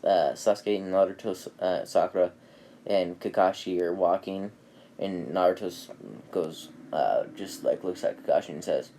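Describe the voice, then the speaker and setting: A man's voice: deep voice, moderate pace, dark tone, slight background noise. A man casually retelling an anime fan story, rambling with fillers and laughing at his own jokes.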